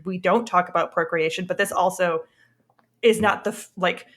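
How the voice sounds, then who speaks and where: A woman co-hosting a casual podcast chat, chatty and quick to laugh. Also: lowish voice, steady tone, fairly bright tone. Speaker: podcast co-host.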